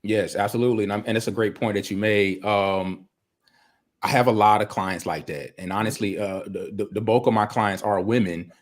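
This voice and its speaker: A man guest in an interview, telling stories in a relaxed, informal way with casual grammar. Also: lowish voice, normal speed. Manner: relaxed storyteller, many restarts and fillers, informal grammar. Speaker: guest, video producer.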